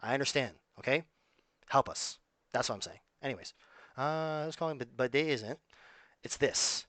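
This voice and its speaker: A man's voice: mid-range voice, normal speed, a bit bright, no echo. A man talking to his viewers in a casual, rambling monologue, emphatic and full of asides. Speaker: vlogger.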